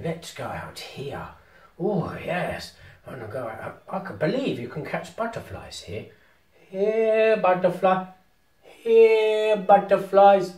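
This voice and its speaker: A man, vlogging casually as he sets up VR at home and talks to himself excitedly. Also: fairly high pitch, far from the mic. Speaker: tech vlogger. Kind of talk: casual vlog commentary while setting up VR. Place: house with rooms on two floors. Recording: roomy home room, voice often off-mic.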